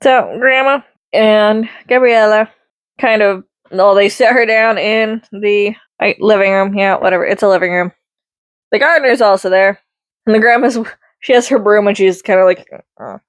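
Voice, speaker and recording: A woman's voice: mid-range voice, no room sound. A woman giving a casual spoken movie review, rambling, correcting herself mid-sentence and adding chatty asides. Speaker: film reviewer.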